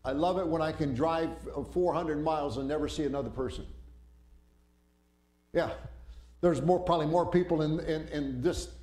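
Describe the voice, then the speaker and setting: A man preaching a sermon, telling a story in an animated way and acting out panicked voices. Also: fairly high pitch, normal speed, pauses often. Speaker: pastor. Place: church sanctuary. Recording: roomy church echo.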